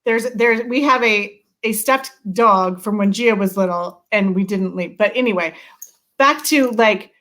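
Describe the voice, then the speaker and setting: A woman's voice: mid-range voice, fairly bright tone. A middle-aged woman host chatting frankly about parenting, often restarting her sentences. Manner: frank, halting, with many restarts. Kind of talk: casual chat.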